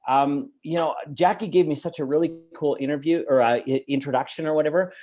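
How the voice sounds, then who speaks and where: A middle-aged man from Canada, giving an energetic, emphatic motivational talk as a guest speaker. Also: on the high side, fairly quick, soft background music. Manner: energetic, emphatic, laughs easily.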